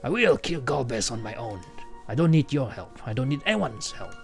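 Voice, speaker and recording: A man voicing a stern, vengeful old sage from a game, gruff and measured. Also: mid-range voice, sing-song, soft background music.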